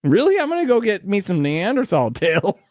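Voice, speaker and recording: A man's voice: sits high, huge pitch swings, a little fast, a little mellow, no echo, pitched above the performer's own voice. A man voicing a crude, leering caveman with a put-on Southern hillbilly drawl.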